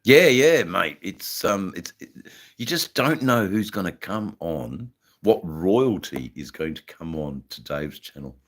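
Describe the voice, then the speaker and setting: Australian man, very deep voice, slow unhurried talk, rambling live chat, smoking as he talks. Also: lively intonation. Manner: rambling, halting, full of fillers and slang; smoking while talking. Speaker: livestream host. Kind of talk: casual live-stream chat.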